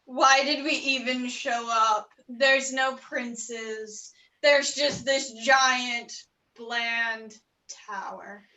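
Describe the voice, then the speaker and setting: Sulky princess played by a woman, slow, bright-toned, heard from across a roomy space. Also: high-pitched, heavily acted. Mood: brooding. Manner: sulky, deadpan. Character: gloomy brooding fairy-tale princess. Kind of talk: online improv comedy. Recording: roomy, distant mic.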